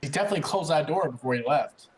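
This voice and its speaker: A man's voice: a little high, animated, racing, slight background noise. A man playing a tabletop fantasy game, describing his character's actions hesitantly, with many filler words. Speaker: player. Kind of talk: casual tabletop play.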